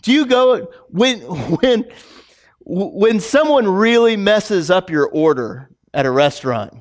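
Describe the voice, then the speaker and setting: High-voiced man preaching casually. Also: slow pace. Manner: casual, animated storytelling with many fillers and restarts. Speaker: pastor. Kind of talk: conversational sermon. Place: church sanctuary.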